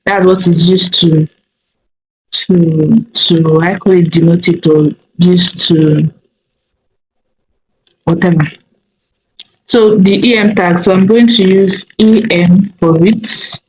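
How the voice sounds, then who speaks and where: A woman teaching a coding tutorial over a screen recording, thinking aloud slowly with many fillers and small self-corrections. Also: on the low side, steady tone, slight background noise, poor audio.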